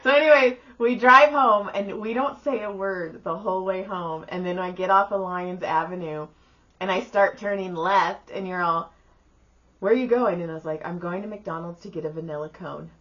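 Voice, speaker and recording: A woman's voice: fairly low pitch, normal speed, dull audio. A woman co-hosting a casual podcast, telling a story animatedly and acting out what people said. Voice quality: bright voice, animated storytelling with acted-out quotes. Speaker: podcast co-host.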